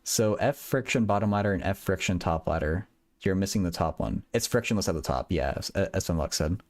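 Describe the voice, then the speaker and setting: A man's voice: low voice, fairly quick. Giggly stammering young man streamer. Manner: rambling, self-deprecating, giggly, stammers with repeated words. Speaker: livestream host solving math and physics problems. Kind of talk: casual livestream chat with viewers.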